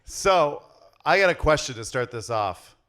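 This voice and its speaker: A man in his forties gives an energetic conference keynote on stage, rallying the audience with questions. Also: on the high side, unhurried. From Canada. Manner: energetic, rallies the crowd with questions. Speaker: keynote speaker. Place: on stage before a large audience.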